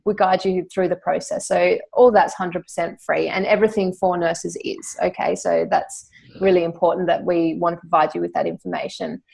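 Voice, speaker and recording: A woman's voice: on the low side, flat delivery, moderate pace, vocal fry, a little mellow. A woman with an Australian accent, a company founder chatting as a podcast guest in a friendly, laughing way. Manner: chatty, laughing, acts out quoted voices. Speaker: guest, founder of a nurse placement service. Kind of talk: casual interview chat.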